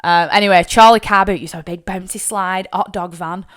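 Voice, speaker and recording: Chatty northern English woman, smooth voice. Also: medium pitch, fairly quick. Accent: Northern English, Lancashire. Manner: chatty and candid, swears freely, animated when acting out family. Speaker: podcast host. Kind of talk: personal storytelling monologue.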